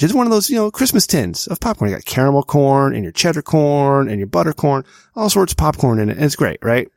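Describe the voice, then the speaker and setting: A man's voice: mid-range voice, sing-song, quick pace, vocal fry, a little mellow, no room sound, clean studio sound. A man in his thirties co-hosting a podcast, telling a long exasperated story in casual chat. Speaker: podcast co-host.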